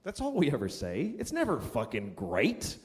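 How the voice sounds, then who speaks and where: A man's voice: medium pitch, wildly swooping pitch, moderate pace. A middle-aged man doing a live stand-up routine on stage, ranting profanely and exasperated, dropping into mumbled asides. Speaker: stand-up comedian. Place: comedy stage before a live audience. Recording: reverberant live venue with audience noise.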